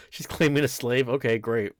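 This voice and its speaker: A man's voice: medium pitch, fairly even intonation, unhurried, no room sound, clean studio sound. A tired man casually reading a comic aloud, breaking off for wry, sleepy asides and the odd swear word. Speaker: comic reader and reactor.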